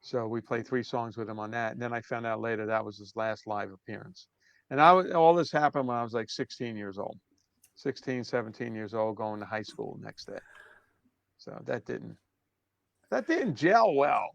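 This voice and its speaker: A man in his sixties from Brooklyn with a New York accent, telling stories as an interview guest in a relaxed way that trails off softly. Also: medium pitch, normal speed, gravelly, dry recording, lo-fi sound. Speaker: drummer guest. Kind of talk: casual interview storytelling.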